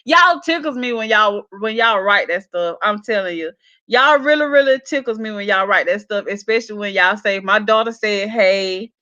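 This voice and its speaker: A woman's voice: medium pitch, expressive, normal speed, sharp tone, highs cut off. A woman, chatting casually on a live stream as she reads viewers' comments aloud and laughs along with them. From South Carolina. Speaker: YouTube gossip vlogger reading live comments.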